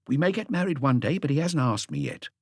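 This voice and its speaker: A man voicing a plump young country shopgirl who answers in a nervous, hushed whisper. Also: fairly high pitch, sing-song, quick pace, no room sound, clean studio sound, pitched above the performer's own voice. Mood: anxious.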